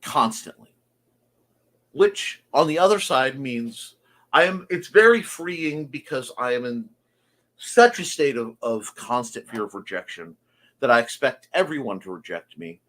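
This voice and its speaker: A man's voice: mid-range voice, animated, measured pace, a bit bright. A man hosting a creative morning show, talking earnestly and confessionally in a folksy way. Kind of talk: reflective monologue.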